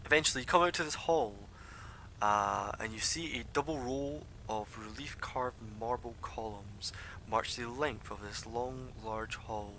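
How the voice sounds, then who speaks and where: A man's voice: a little slow, pushed and bright. A man narrating an online tabletop game as game master, casual and full of fillers. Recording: noisy low-quality stream recording.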